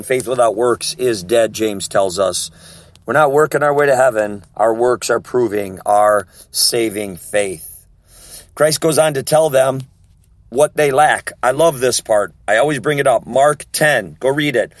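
An emphatic male preacher teaching from scripture, driving points home by repeating words and checking in with his listeners. His voice sits at an ordinary middle pitch. The recording is dry and close, with no room echo. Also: measured pace. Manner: emphatic, repetitive teaching with frequent check-ins. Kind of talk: sermon.

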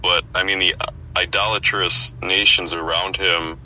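Very deep, bright-toned man, hesitant. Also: level tone, unhurried, a little hiss or hum, poor audio. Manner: thoughtful, hesitant, searching for words. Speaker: street preacher. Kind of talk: casual Bible discussion.

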